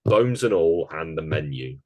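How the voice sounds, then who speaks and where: A man's voice: a bass voice, expressive, mellow, dry recording. A man co-hosting a casual podcast chat, rattling off a list of award picks. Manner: chatty, running through award picks in quick lists. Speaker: podcast co-host.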